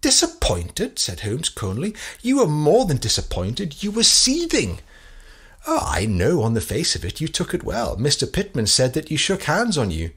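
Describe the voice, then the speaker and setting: A man reads the part of a middle-aged English detective who presses his questions in a cool, measured way. The voice is slightly husky and the pitch moves about lively as he builds his case. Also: exaggerated voice. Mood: cold.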